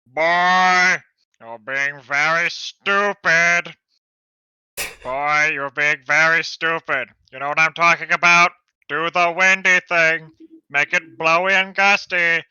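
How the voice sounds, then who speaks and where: A man voicing a pushy, loud character who shouts orders at a hero, in a theatrical, demanding way. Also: on the high side, steady tone, slow, clear, resonant tone, no echo, dull audio, full character voice. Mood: bossy.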